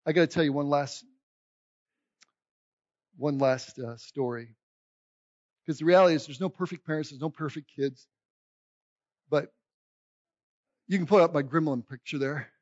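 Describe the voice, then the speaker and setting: A middle-aged man, a pastor, telling a humorous story from the pulpit in a rambling, animated way, with restarts and sudden loud outbursts. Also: a little high, moderate pace, pauses often, dry recording, highs cut off.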